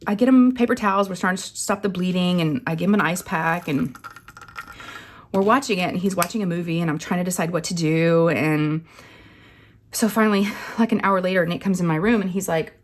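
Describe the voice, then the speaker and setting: A woman, rambling and animated as she tells a story to camera. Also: on the low side, fairly quick, a little hiss or hum. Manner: chatty, rambling, animated retelling with acted quotes. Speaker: craft channel host.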